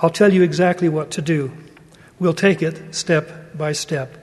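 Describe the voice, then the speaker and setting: A man reading the lines of a sick old grandfather who talks weakly and slowly and steadily gives instructions. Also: fairly high pitch, steady tone, a little mellow, close to an everyday voice. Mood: coaching. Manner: weak, slow, reassuring instructions. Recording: long hall reverb.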